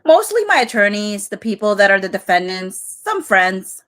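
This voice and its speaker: A woman's voice: medium pitch, moderate pace. A woman reading as a guarded man under questioning. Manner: flat, hesitant answers. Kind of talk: live-stream reading of a transcript.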